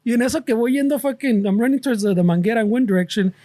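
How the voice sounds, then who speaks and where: A man's voice: very high voice, rapid-fire, no room sound, clean studio sound. A man hosting a podcast, telling a story in casual chat and acting out what people said, laughing often. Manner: animated storyteller who acts out quotes and laughs often. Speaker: podcast host.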